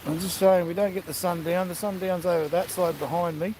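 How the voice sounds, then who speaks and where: A man's voice: sits high, steady tone, a little fast, a little mellow, slight background noise. A man hosting a casual livestream outdoors by the sea, chatting and greeting viewers by name. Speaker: livestream host. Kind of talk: casual chat with live viewers.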